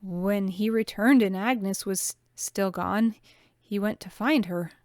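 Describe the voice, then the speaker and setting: A woman's voice: mid-range voice, slow pace, a little mellow, no room sound, studio quality, lightly acted. A woman reading the part of a chatty young woman farm worker, matter-of-fact in tone.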